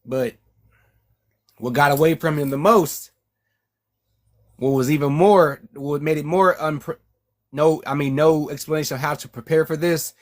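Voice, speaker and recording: A man, the author, reading his own novel aloud in a measured way with frequent restarts, then chatting with his listeners. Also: fairly high pitch.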